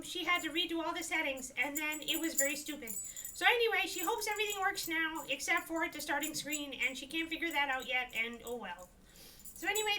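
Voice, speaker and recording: Lady putting on a super high squeaky little girl dog doing the news, all formal n doubtful, bit far off the mic. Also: pushed and bright. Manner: formal newsreader delivery, wry and doubtful. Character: prim little female pet dog giving news. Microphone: desk microphone, heard from a distance.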